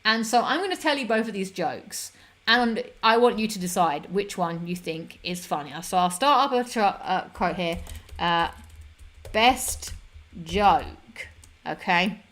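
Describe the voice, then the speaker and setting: A woman's voice: medium pitch, unhurried, fairly bright tone. A young woman hosting a livestream, chatting casually with viewers in a rambling, self-deprecating way. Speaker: livestream host.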